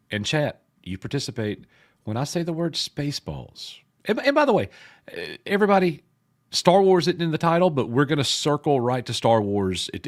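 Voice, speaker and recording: A man co-hosting a casual pop culture live stream, joking with chat, his voice a bit gruff and hoarse. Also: medium pitch. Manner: joking, addresses chat viewers by name. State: sounds slightly sick.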